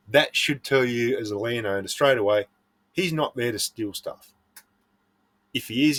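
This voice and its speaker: A man's voice: medium pitch, fairly bright tone. Blunt Australian man giving advice. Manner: earnest, blunt, preachy. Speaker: prospecting vlogger. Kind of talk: casual advice monologue.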